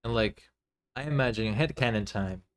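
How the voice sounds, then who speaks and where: A man's voice: on the low side, moderate pace, smooth. A man streaming a game, reading its dialogue aloud and musing over it with filler words.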